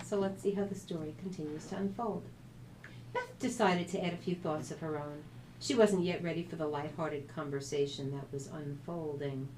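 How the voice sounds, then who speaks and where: A woman's voice: lowish voice, animated, normal speed, darkish tone, a little hiss or hum, low-quality recording. A woman, the author and radio host, reading a family story aloud and adding her own commentary.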